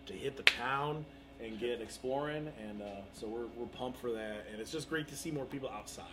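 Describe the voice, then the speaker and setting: A man's voice: mid-range voice, normal speed. Easygoing man chatting with faint background noise. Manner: relaxed, upbeat, thinks aloud with many fillers. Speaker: podcast co-host, café owner. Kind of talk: casual chat. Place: their café storefront.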